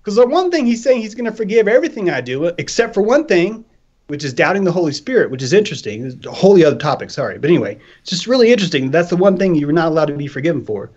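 Guy ranting animated on a podcast, swears a lot, kinda high voice, muffled audio. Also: rapid-fire, slightly rough. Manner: animated, profane, acts out voices. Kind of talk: casual chat. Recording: dull lo-fi sound.

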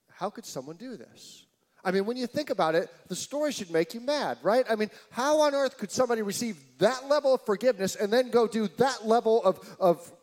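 A male pastor with a high, light voice delivers a lively sermon. He tells the story with animated, incredulous asides. He drops to near-hushed lines between them.

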